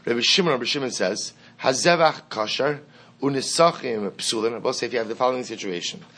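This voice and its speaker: A man's voice: mid-range voice, a little fast, fairly bright tone. Man teaching a Mishnah class. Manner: explains step by step, repeats key phrases, reads Hebrew and Aramaic aloud and translates; asks the class questions and answers them himself. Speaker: Talmud teacher.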